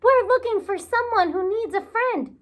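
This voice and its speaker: A woman's voice: lively intonation, moderate pace, fairly bright tone. Woman voicing sobbing lonely little beaver boy. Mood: eager. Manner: high sobbing wails, eager calls.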